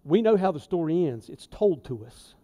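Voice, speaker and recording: A man preaching a sermon in a church, folksy and conversational, with emphatic asides and swings in loudness. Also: fairly high pitch, very animated, moderate pace. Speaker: lay preacher. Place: church sanctuary.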